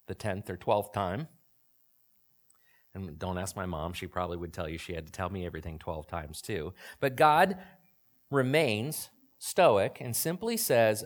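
A man's voice: lowish voice, fairly bright tone. A man in his forties preaching a sermon in a conversational way, often asking the audience questions. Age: 40s. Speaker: pastor.

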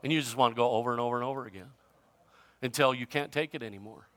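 A man preaching a sermon as a pastor, telling a comic story with animated swings between loud and hushed delivery. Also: medium pitch, fast talker.

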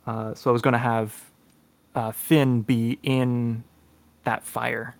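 A man's voice: medium pitch, little pitch movement, slow pace, no echo. A man co-hosting a casual podcast chat, hesitant with lots of fillers, often laughing. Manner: hesitant, many ums and uhs, laughs often. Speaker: podcast co-host and player.

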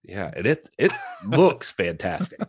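A man's voice: fairly low pitch, very animated, unhurried, husky, no echo, clean studio sound. A man co-hosting a podcast, speaking casually with laid-back, teasing banter. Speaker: podcast co-host.

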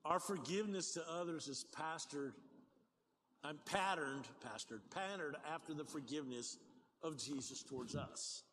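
An older man preaching a sermon as pastor, talking in a conversational, animated way with folksy asides. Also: fairly high pitch, normal speed, a little hiss or hum. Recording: long hall reverb, faint ambience.

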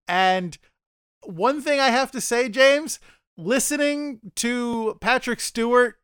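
A man's voice: extremely high pitch, slow pace, fairly bright tone, clear, resonant tone, no echo, clean studio sound. A man co-hosting a casual podcast discussion, rambling and often stammering as he restarts his sentences. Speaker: podcast co-host.

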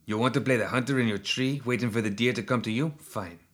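A man's voice: medium pitch, fast talker, a bit bright, natural voice. A man voicing a crude, short-tempered male hybrid fighter who snaps and swears. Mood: gruff. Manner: snapping, profane.

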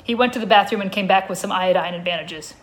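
A woman reads her comic story aloud at a live show, keeping the narration dry and deadpan. Her pitch sits in the middle range for a woman. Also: quick pace. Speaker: comedic reader.

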